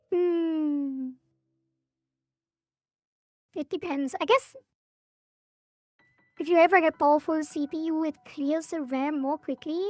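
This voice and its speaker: Casting: high-pitched woman dev streamer, casual and hedging, voice a little cracked, faint music underneath. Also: a little mellow. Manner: thinks aloud, hedging, frequent laughs. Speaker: game developer streamer. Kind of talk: casual live-stream chat.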